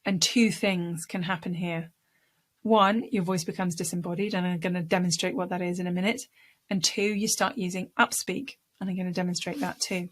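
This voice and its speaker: A woman's voice: lowish voice, fairly even intonation, a little fast. A woman, a speaking coach, talking conversationally to camera and demonstrating voice techniques. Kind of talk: direct-to-camera teaching.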